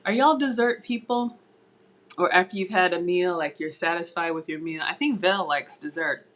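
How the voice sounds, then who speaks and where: A cooking channel host streams live from her home kitchen, chatting with viewers and reading their comments aloud while she cooks. Her voice is lowish and a bit bright at normal speed, picked up by a tablet on the counter.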